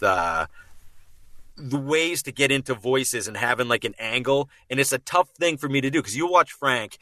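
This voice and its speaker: Boston guy chatting away, bright forceful voice, keeps restarting, laughs a lot, dry sound. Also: medium pitch, no echo. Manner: animated, rambling, full of restarts and quick laughs. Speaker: guest, voice impressionist. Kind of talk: casual chat.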